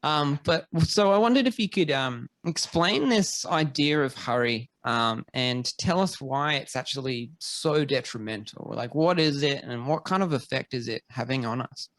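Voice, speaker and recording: An Australian man hosting a podcast interview, talking in a friendly, halting way with many "um"s. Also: medium pitch, a bit bright, no echo. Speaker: podcast host. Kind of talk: casual interview chat.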